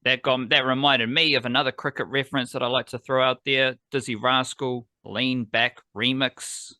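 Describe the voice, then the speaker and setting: Podcast host, New man, bright tone, dry close sound, rambling and excitable. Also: medium pitch, normal speed, few pauses, dry recording. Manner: rambling, enthusiastic, playful. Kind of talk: casual sports podcast chat.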